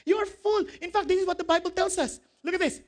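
A male pastor preaching a sermon in a very high voice. He quotes scripture, asks the congregation questions, and laughs along with his own jokes. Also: fast talker.

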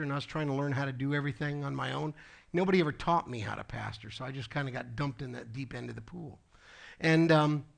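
A man's voice: medium pitch, creaky. A middle-aged man preaching a sermon as pastor, telling a personal story with casual asides to his congregation. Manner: storytelling preacher, conversational asides like "okay?" and "folks".

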